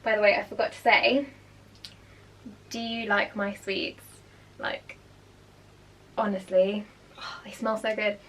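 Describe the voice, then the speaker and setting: A woman's voice: mid-range voice, takes it slowly, pauses often, a little hiss or hum. Young female teacher, chatty and explanatory, casual at-home commentary. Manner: chatty, explanatory, animated asides. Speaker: primary school teacher.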